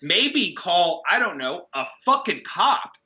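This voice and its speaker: Male co-host, high and very bright voice, profane sarcastic rants, dull lo-fi sound. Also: sing-song, takes it slowly. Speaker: podcast co-host. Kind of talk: casual movie review chat.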